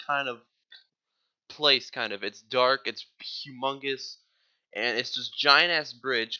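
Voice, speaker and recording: A man's voice: medium pitch, sharp tone, lo-fi sound. A man giving a casual, rambling movie plot recap, full of "like" and offhand swearing. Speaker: movie reviewer.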